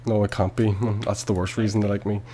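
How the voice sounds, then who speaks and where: A man's voice: on the low side, little pitch movement, fast talker, dark tone. Streamer, man, west belfast accent, self-mocking banter while gaming, sweary. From West Belfast, Northern Ireland. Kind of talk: casual chat while playing online.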